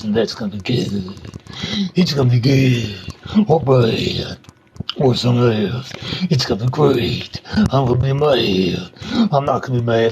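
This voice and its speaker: A man's voice: mid-range voice, moderate pace, noisy background. A man hosting a live stream, rambling playfully and doing tarot readings for viewers. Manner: playful, rambling, self-mocking.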